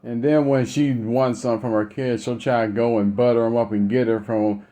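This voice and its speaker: A man's voice: medium pitch, steady tone, a little fast, mellow. A young man telling a family story in a casual, blunt, profane rant. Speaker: vlogger.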